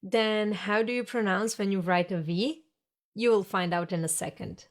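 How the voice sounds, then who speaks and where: Woman, lesson narrator, mid-pitched, patient and explanatory. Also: moderate pace. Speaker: language teacher.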